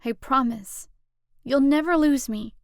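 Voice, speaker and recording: Brief: earnest anxious teen girl, read by a woman, higher and emphatic. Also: a little slow, gravelly, no echo, studio quality. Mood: reassuring. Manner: emphatic, pleading delivery.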